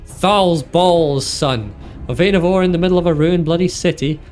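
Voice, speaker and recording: A man voicing a scornful, rough male thug, reading game dialogue aloud in a hammy, sneering voice over game music. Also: sits high, steady tone, rapid-fire, darkish tone, voice pushed up, close to an everyday voice. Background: video game music.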